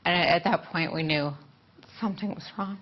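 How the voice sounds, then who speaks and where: Woman giving an emotional personal testimony. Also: lowish voice. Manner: emotional, quietly halting. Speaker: former surrogate mother telling her story. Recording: dull muffled audio.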